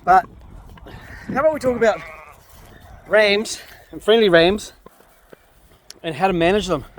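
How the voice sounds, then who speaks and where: A man's voice: sits high, a little slow, a little hiss or hum. A New Zealand man who farms sheep, chatting casually outdoors in a paddock, explaining things and talking to his animals. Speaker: sheep farmer and video host. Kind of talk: casual outdoor farm vlog.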